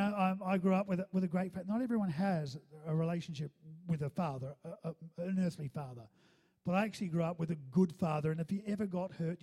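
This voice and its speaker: A male pastor delivers a sermon with a high, mellow voice. He keeps checking in with his listeners and doubles back on words as he talks. The sound carries a long hall reverb. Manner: calls for audience response, repeats words.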